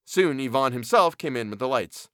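Male narrator, bright tone, dry close recording, expressive storybook read. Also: mid-range voice, moderate pace, no echo. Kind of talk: storybook reading.

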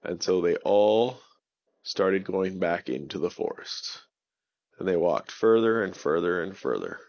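A man narrating a bedtime story for children in a gentle, unhurried way. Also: low voice, big pitch swings, muffled recording.

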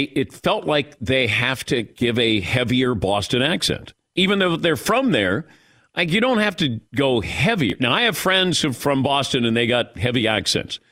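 Male radio host, casual and lively, close dry studio mic. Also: medium pitch, unhurried, no echo. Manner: lively, laughs often, takes calls.

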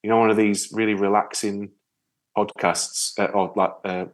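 A man from with a fairly low voice, talking as a guest in a relaxed interview. He is a lively storyteller who slips into the voices of the people he describes. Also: normal speed. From Yorkshire, England. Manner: storytelling, lively, animated re-enactments. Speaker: guest, ocean rower. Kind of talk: casual interview chat.

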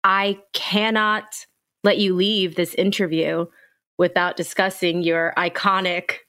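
A woman's voice: lowish voice, flat delivery, slow, a bit bright, no room sound. Enthusiastic woman podcast host. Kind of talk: casual interview.

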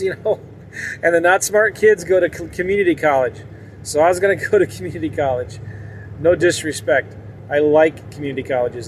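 Candid rambling man, slightly high voice. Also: a little hiss or hum. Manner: rambling, candid, laughs often. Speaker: vlogger. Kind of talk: casual monologue to viewers.

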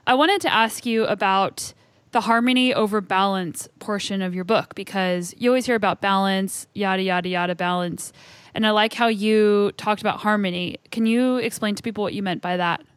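A woman hosts a podcast interview in an easygoing, conversational way and puts questions to her guest. Her voice sits in a middle pitch range, and the sound is close and dry. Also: moderate pace, smooth, no echo. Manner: relaxed and conversational, asks questions. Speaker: podcast host. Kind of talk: casual interview chat.

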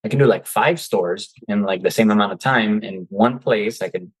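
A man's voice: fairly low pitch, normal speed, husky, low-quality recording. A man who is a guest coach on an interview show, speaking in casual chat and acting out his own quoted reactions. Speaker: guest, seller turned coach.

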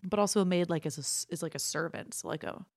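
A woman comedian and writer appearing as a podcast guest, chatting casually with deadpan, absurd jokes. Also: on the low side, quick pace, creaky, no echo, clean studio sound.

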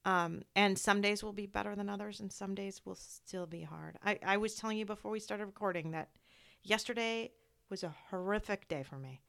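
Woman, medium pitch, smooth tone; candid grief podcast host, storyteller. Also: normal speed, a bit bright. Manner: heartfelt, storytelling, acts out quoted voices. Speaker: medical provider. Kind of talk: candid conversation about grief.

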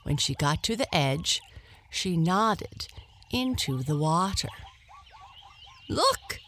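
A woman narrating a bedtime story softly, slipping into a whisper. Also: deep voice, expressive, slight background noise. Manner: soft, slow and lulling, dropping to a whisper.

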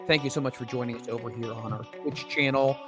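A man's voice: medium pitch, fairly even intonation, fast talker, music in the background. A man hosting a show, welcoming listeners and bantering in a playful, mock-boastful way. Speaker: host. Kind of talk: casual chat on a stream.

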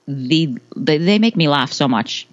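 A woman's voice: low-pitched, lively intonation, measured pace, no echo, muffled recording. A woman in her thirties from the United States, a podcast guest chatting about motherhood, laughing often and restarting her phrases. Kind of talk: casual interview answers.

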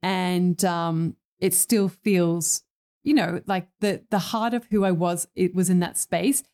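A woman's voice: fairly low pitch, steady tone, slow, darkish tone. A middle-aged woman, an interior stylist, hosting a solo podcast and reflecting earnestly on finding her own style, often correcting herself. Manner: thoughtful, self-correcting, earnest.

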